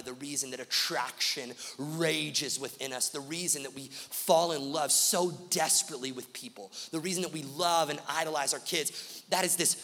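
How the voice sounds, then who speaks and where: A man's voice: mid-range voice, a bit bright, long reverb tail. A man pastor preaching a sermon, driving his points home with rhythmic repeated lists.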